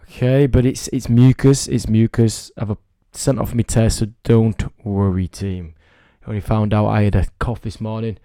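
A man's voice: lowish voice, steady tone, normal speed, mellow, smooth, no echo, studio quality. A man with a cold hosting a casual solo podcast as a fitness coach, rambling and self-deprecating. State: has a cold, under the weather.

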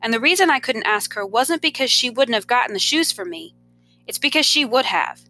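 A woman, a teacher, reading a novel aloud in an expressive first-person storytelling manner. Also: fairly high pitch, fairly quick, soft background music.

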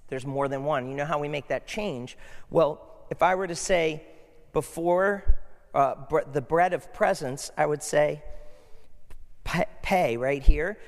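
A man's voice: a little high, measured pace. Guy preaching to his church, chatty, keeps asking the crowd stuff, echoey sanctuary sound. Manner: conversational preaching, asks the congregation questions. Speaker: pastor. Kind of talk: sermon. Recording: long hall reverb.

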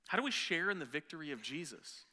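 A male pastor preaching with a bright, forceful, fairly high voice that swings from hushed to loud. He is lively, cracks asides and acts out scenes. His voice rings with a long reverb in a church sanctuary. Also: fast talker. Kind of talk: sermon.

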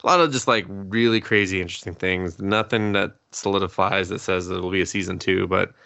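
A man's voice: low voice, a little fast, creaky. A man co-hosting a podcast, casually retelling an anime episode with lots of swearing and acted-out quotes. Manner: profane, animated storytelling, acting out quotes. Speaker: podcast co-host.

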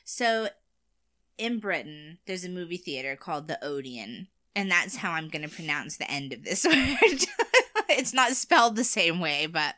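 A woman co-hosting a podcast, lively and teasing, often laughing. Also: fairly low pitch, a little slow, dry recording. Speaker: podcast co-host. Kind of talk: casual chat.

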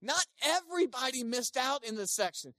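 Animated bright-voiced pastor preaching a sermon. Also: high-pitched, normal speed, no room sound, studio quality. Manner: animated, swings between loud emphasis and quiet asides; acts out quoted speakers in playful voices.

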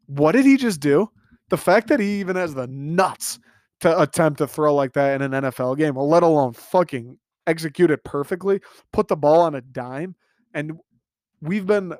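A man hosting a solo sports podcast, talking in an animated, emphatic way and swearing freely. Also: on the high side, no echo, studio quality. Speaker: podcast host.

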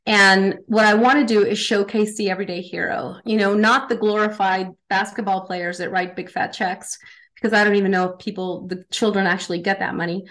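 A woman speaking as a podcast guest, an energetic, emphatic performance coach who often tags her sentences with "right?". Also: mid-range voice, fairly quick. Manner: impassioned motivational delivery. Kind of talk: casual podcast interview.

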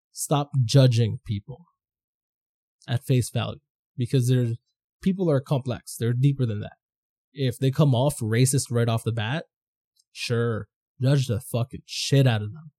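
Brief: young male podcast host from the Philippines, swears freely, mellow warm tone, animated. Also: medium pitch, husky. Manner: profane, animated storytelling with quoted voices. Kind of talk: casual chat.

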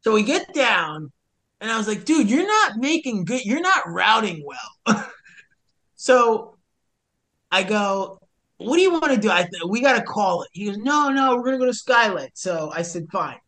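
Man, american accent, casual podcast storytelling, animated, acts out the quotes loudly. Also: sits high, a little slow. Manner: animated, acts out the dialogue in a raised voice, swears mildly. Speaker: podcast guest, hiker and rescuer.

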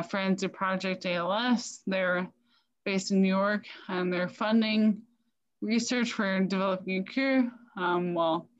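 A woman sommelier and wine shop owner, a guest talking in a slow, hesitant way with many fillers. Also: medium pitch, muffled recording. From United States. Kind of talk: casual interview chat.

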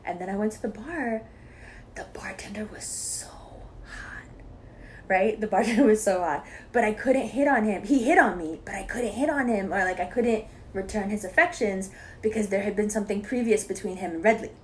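A woman chatting casually, telling an animated story with quoted voices and frequent laughter. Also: mid-range voice, normal speed, slight background noise. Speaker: podcast co-host telling a story. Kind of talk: casual chat.

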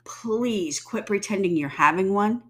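A woman's voice: medium pitch, expressive, a little slow, a bit bright. Woman in her fifties, stuffy and sore-throated, blunt, profane to-camera ranter. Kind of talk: casual rant to camera.

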